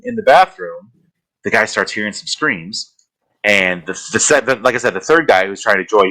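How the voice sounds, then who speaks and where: Man with a bright, forceful voice. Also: on the low side, low-quality recording. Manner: rambling storytelling with fillers. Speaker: podcast co-host. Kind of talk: casual horror podcast recap.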